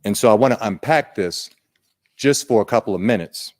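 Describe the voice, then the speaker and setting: A man presenting at an online training day, unhurried and conversational, putting questions to his audience. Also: fairly low pitch, darkish tone.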